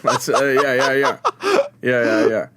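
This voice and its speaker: A man in a relaxed podcast chat, recapping episodes in a laid-back, joking way. His voice sits at an ordinary middle pitch. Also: unhurried, very noisy. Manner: laid-back, summarizes plot with jokes. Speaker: podcast co-host.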